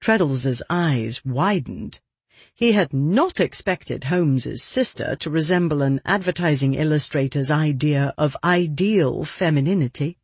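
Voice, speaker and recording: An audiobook narrator giving a measured, even scripted reading. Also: medium pitch, breathy edge, no echo.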